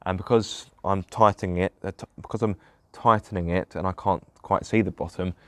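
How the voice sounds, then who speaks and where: Grumbling man, low and dry. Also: fairly even intonation, a little fast, fairly bright tone, no echo. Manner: self-deprecating, grumbling complaints. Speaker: car vlogger. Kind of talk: casual DIY vlog narration.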